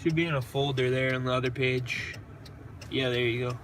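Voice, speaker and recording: A young man chatting in a moving car, relaxed and offhand. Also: medium pitch, moderate pace. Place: inside a car. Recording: loud car noise.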